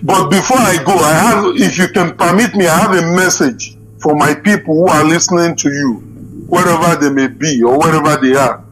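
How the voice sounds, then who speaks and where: A man's voice: fairly high pitch, brisk, a crowd in the background, low-quality recording. A man calling into a live Q&A, deferential to the host, addressing him as sir and restarting his sentences. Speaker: caller. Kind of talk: live Q&A call-in session.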